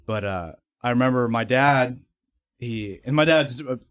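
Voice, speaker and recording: A man's voice: medium pitch, measured pace, fairly bright tone, smooth, no echo. A young man, a podcast guest, telling casual stories, swearing freely and laughing as he talks. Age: young adult. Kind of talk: casual storytelling.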